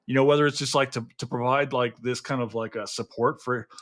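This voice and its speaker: A Southern American man hosts a podcast, chatting casually about film and history with plenty of fillers and restarts. His mid-range voice is steady and fairly bright, moving a little fast.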